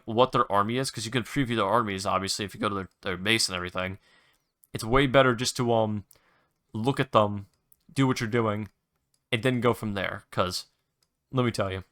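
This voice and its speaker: Bright-voiced young man rambling casually. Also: mid-range voice. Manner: rambling, restarts, mild swearing, enthusiastic recommendations. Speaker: podcast host. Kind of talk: casual solo chat.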